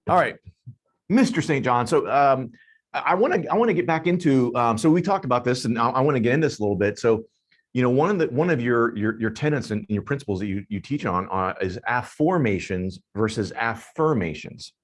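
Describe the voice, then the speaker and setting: A man hosting a talk show, speaking casually with relaxed fillers and restarts. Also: medium pitch, a little fast. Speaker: show host.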